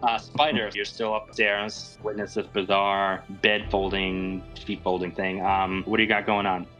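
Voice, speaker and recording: A man's voice: on the low side, little pitch movement, a little slow, pushed and bright, faint music behind, rough recording. A man narrating as game master of a tabletop game, describing scenes in an easygoing way.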